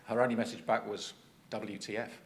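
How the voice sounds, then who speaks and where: A man's voice: on the low side, flat delivery, fairly quick, noisy background. An English man presenting at a conference, chatty with self-deprecating asides. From England. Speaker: conference speaker.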